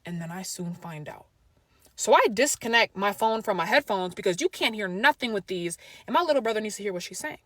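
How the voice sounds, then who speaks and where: A young woman telling a storytime story to camera in a lively, animated way, acting out family members' lines. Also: mid-range voice, brisk, no room sound, clean studio sound. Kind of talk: storytime vlog.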